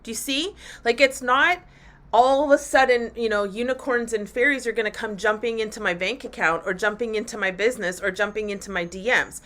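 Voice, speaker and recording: A woman's voice: fairly high pitch, brisk, a bit bright. A woman hosting a live motivational podcast, talking candidly and with animation, swearing freely as she speaks to her listeners. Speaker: podcast host and women's coach. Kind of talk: live-streamed motivational talk.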